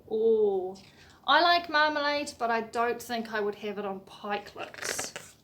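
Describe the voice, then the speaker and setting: High-voiced New woman reading to toddlers. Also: slow. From New Zealand. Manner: sing-song, animated storytelling with gasps and questions. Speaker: children's music session facilitator. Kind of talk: reading a picture book aloud to toddlers.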